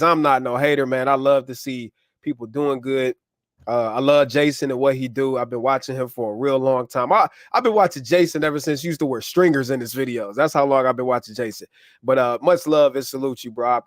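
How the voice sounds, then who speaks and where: A man's voice: mid-range voice, no echo, clean studio sound. Chatty man streaming live. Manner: loose, chatty, shouting out viewers. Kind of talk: casual live stream chat. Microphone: wireless clip-on mic.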